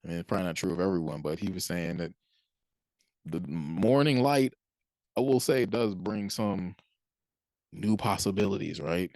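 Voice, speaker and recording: A man's voice: deep voice, expressive, moderate pace, long pauses, darkish tone, no room sound. A man giving a casual, conversational talk on Christian faith, acting out people's reactions and chuckling between points. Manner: conversational, acts out quoted reactions, chuckles often. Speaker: Christian speaker.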